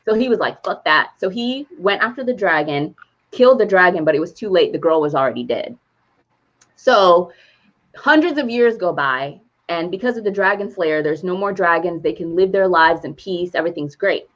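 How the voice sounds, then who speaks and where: Animated woman telling a story, dull sound. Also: on the low side, normal speed. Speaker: podcast co-host. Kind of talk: casual chat, retelling a movie plot.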